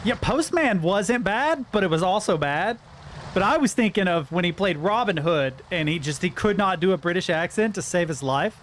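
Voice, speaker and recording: A man with a high voice gives casual let's-play commentary, rambling and joking as he plays. There is a faint layer of noise behind him. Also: expressive, moderate pace, fairly bright tone. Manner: rambling, joking, laughs often. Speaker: streamer playing a game.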